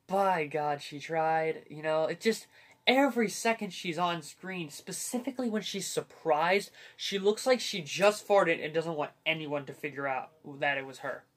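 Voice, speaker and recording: Young man, movie review host, fairly high-pitched, jokey, rambling, self-deprecating. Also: fairly bright tone.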